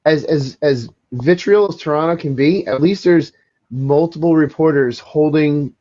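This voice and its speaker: A man co-hosting a sports podcast keeps pressing the same questions over and over, venting his frustration as a fan during casual sports chat. His voice is a little high and a little mellow, at normal speed, and insistent. The recording sounds muffled.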